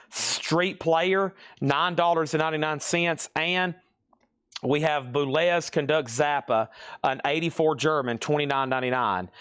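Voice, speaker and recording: A man hosting a live-stream record sale, briskly reading out items, buyers and prices, and checking in with "okay?". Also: a little high, fairly bright tone, no room sound, studio quality.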